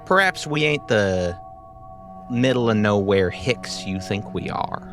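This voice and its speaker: A man's voice: lowish voice, expressive, slow pace, over music. A man voicing a hard-bitten young woman, a smoking gangster's moll who talks tough and calls people kid. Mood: cool.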